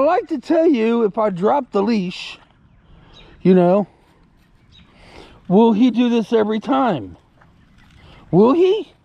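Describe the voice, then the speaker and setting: The audio is dull as a man speaks in a high voice with vocal fry and a darkish tone. He is casually vlogging to camera while walking his puppy outdoors, rambling, repeating himself and talking soothingly to the dog.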